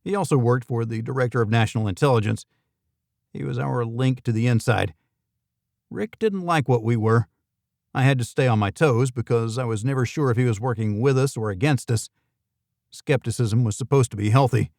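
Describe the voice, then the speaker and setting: Male audiobook narrator, gravelly and dry, first-person thriller read on a close studio mic. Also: mid-range voice, normal speed, a little mellow, dry recording.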